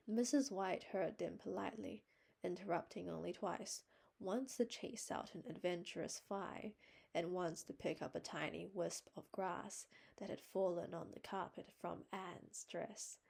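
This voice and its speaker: A woman reading a classic novel aloud, narrating calmly and evenly. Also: on the low side, vocal fry, husky. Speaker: reader. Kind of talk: storybook narration.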